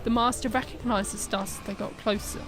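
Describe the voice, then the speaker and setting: A woman narrating a fan short story in a brisk storytelling manner. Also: mid-range voice, fairly even intonation, over music.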